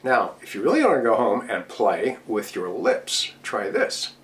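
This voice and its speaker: A man's voice: on the low side, very animated, measured pace, a bit bright, slight background noise. A middle-aged man teaching voice technique, explaining patiently and demonstrating with his own voice. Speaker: voice coach speaking to DJs. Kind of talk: instructional talk at a virtual convention.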